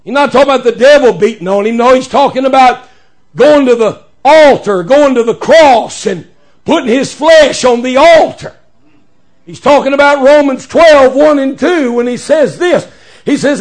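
A preacher man delivering a sermon in a folksy cadence that swells into shouted emphasis. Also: very high voice, animated, moderate pace.

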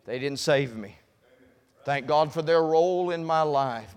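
A man preaching a sermon with folksy humor, swinging from quiet asides to loud, shouted emphasis. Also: a little high, unhurried, in a large hall.

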